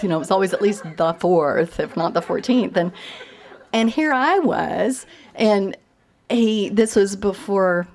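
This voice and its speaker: Speaking at a medium pitch with a darkish tone and no hurry, a Tennessee woman novelist shares comic stories that make fun of herself at a reading. She talks in an East Tennessee Southern accent, chatty and often laughing or using fillers.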